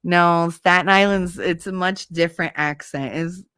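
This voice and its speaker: A blunt woman with a New Jersey accent chats casually as host, swearing freely and laughing often. Her voice sits a little low. The sound is dry and close. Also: steady tone, normal speed, a bit bright, clear, resonant tone, no room sound. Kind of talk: casual chat.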